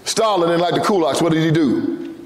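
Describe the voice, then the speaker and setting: A man with a Southern US accent from Tennessee giving an impassioned sermon-style speech in a church, preaching in a repetitive cadence that rises to shouts. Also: on the high side, a little fast. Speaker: guest speaker. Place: church sanctuary. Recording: echoey church hall.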